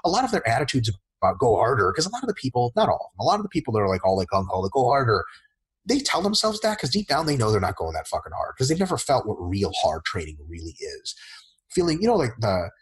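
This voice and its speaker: Very husky, animated, swearing man. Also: medium pitch, poor audio. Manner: animated and profane, acting out clients in quick voices. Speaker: fitness coach answering listener questions. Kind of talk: casual podcast Q&A.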